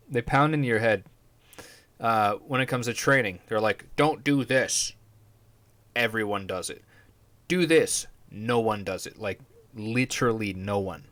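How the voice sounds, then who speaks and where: A man's voice: medium pitch, unhurried, fairly bright tone. A man hosting a podcast, talking casually in a rambling, profane, laid-back way. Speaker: podcast host. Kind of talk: casual chat.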